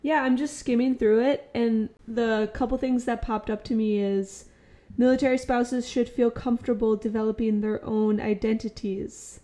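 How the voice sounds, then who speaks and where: A woman with a fairly high voice co-hosts a podcast in a bubbly, casual way. She is quick to laugh while she chats into a podcast microphone. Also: steady tone, dark tone. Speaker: podcast co-host.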